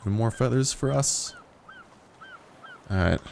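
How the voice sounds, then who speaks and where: A man's voice: medium pitch, lively intonation, unhurried, creaky, darkish tone, a little hiss or hum. A young man casually commentating a survival game, playful and joking with profane asides. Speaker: gameplay commentator. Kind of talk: casual let's-play commentary.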